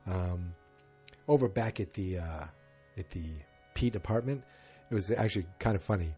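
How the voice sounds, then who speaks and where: Male podcast host, lowish voice, rambling casual recap delivery. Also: normal speed, mellow, faint music behind. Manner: rambling, loose and chatty with frequent restarts. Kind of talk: casual solo episode recap.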